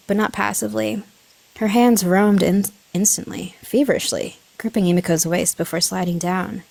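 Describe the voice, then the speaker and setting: A woman's voice: medium pitch, steady tone, moderate pace, vocal fry, darkish tone, no echo. A woman streamer reading a story aloud on a live stream, giggling and correcting herself as she goes.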